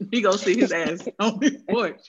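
A woman's voice: medium pitch, slight background noise. A woman telling a story in casual chat, swearing freely and laughing often. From American South. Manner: profane, animated, laughing often. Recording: dull lo-fi sound.

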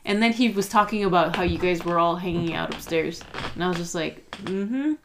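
A woman's voice: lowish voice, fairly quick, gravelly, noisy background. A woman co-hosting a casual podcast, telling a story and acting out what people said, with frequent restarts and swearing. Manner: animated storytelling, acting out quotes. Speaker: podcast co-host. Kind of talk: casual chat.

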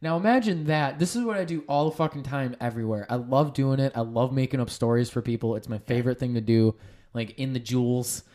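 A young man co-hosting a casual chat, animated and profane, laughing often as he talks. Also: medium pitch, brisk.

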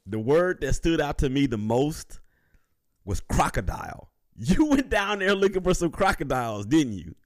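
A male interview host who asks questions in a relaxed, teasing way. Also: on the high side, normal speed, no room sound, clean studio sound. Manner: relaxed, teasing, chuckles at the guest. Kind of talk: casual interview.

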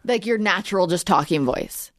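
A woman's voice: lowish voice, expressive, moderate pace, no echo, studio quality. A woman in her thirties hosting a podcast, chatting casually and laughing often. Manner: chatty, laughs often, reads ad copy smoothly. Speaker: podcast host. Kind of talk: casual chat. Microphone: studio microphone.

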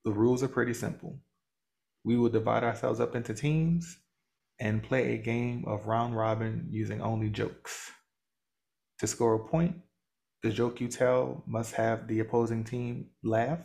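Gravelly podcast host announcing a game. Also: male voice, medium pitch, darkish tone. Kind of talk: reading out game rules, casual chat.

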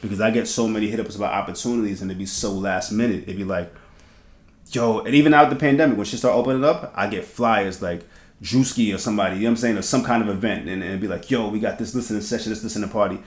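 A man hosting a podcast, telling stories in lively casual chat with slang, swearing and laughter. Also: on the low side, quick pace. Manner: animated storytelling, laughing, heavy slang and swearing. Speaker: podcast host. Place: podcast studio. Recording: echoey room.

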